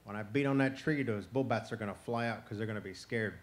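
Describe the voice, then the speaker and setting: A man telling of a calm, clever box turtle. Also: on the low side, fast, lightly acted. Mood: calm scheming. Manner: calm, persuasive, coaxing.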